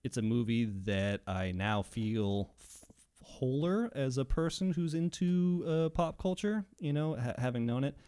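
Man, podcast host, casual movie chat, animated, acts out scenes. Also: mid-range voice, unhurried, smooth.

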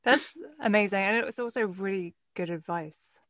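A woman's voice: medium pitch, normal speed, a bit bright, no room sound, clean studio sound. A woman interviewer who encourages her guest and sums up what the guest has said. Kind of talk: casual interview chat.

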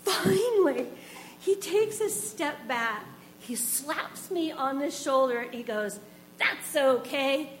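Animated woman telling a stage story. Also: high voice, takes it slowly, slight background noise, poor audio. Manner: animated, acts out the scene.

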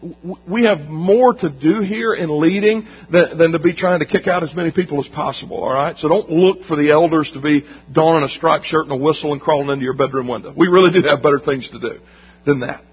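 A pastor preaches a sermon in a slightly high, fairly quick, breathy voice, emphatic yet conversational, repeating phrases for emphasis. Recorded in a church sanctuary, the sound is dull with long hall reverb.

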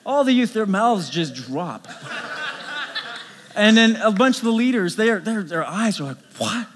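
A middle-aged man preaching a sermon as a pastor, telling stories in an animated way with many restarts. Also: sits high, unhurried, long reverb tail, background noise.

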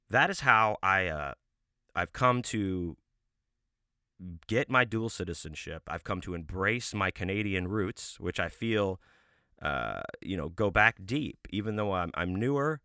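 A man hosting his own podcast, telling a comic story in a deadpan, mock-serious way and drawing out words for emphasis. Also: on the low side, no room sound, clean studio sound. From United States. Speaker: podcast host.

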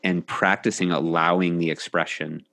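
A middle-aged man, a coach hosting a casual podcast conversation, talking in a reflective, measured way with many pauses. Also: sits low, flat delivery, creaky, fairly bright tone, dry recording. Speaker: coach and host.

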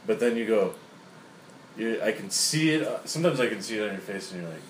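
Young dude telling stories, does the voices, laughs a lot, echoey room. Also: male voice, on the low side, lively intonation, fairly quick, a little hiss or hum. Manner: storytelling with acted-out quotes, laughing often. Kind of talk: casual chat among comedians.

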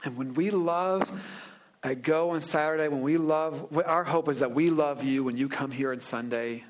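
A pastor preaching a sermon in a relaxed, joking way, slowing down to stress key phrases. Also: male voice, on the high side. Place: church sanctuary.

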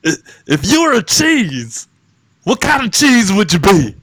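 Man impersonating an old baseball announcer, high strained voice, loud, drawn-out, goofy. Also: huge pitch swings, no room sound, exaggerated voice. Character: excitable older male baseball announcer asking goofy questions.

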